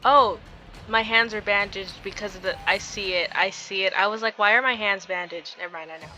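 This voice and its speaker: Bright-voiced woman reading a game aloud. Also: mid-range voice, brisk, faint music behind. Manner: reads the story dramatically, breaks off into giggly asides. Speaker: game streamer. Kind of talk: reading a visual novel aloud with commentary.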